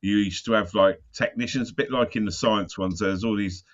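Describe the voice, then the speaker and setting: A man with a lowish voice tells loose, rambling school stories, breaking into laughs and swearing along the way. The recording sounds somewhat muffled. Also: steady tone, a little fast. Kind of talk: casual storytelling chat.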